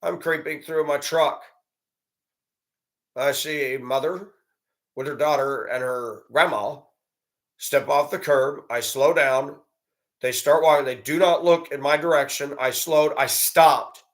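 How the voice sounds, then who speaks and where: A man's voice: a little high, fairly even intonation, a little slow. A man giving a blunt, profane, indignant monologue and telling a story about a run-in. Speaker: commentator. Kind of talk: ranting monologue.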